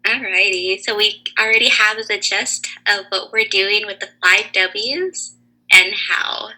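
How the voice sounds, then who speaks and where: A woman teaching a lesson to young children over a video call, asking slow, clear, encouraging questions. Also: mid-range voice, sharp tone, poor audio.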